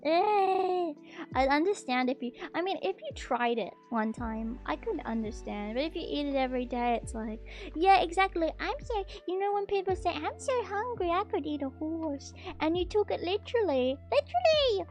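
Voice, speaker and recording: A woman VTuber streamer chatting casually with her viewers as she reads their confessions, breaking into excited gasps and loud protests. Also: high-pitched, normal speed, few pauses, soft background music.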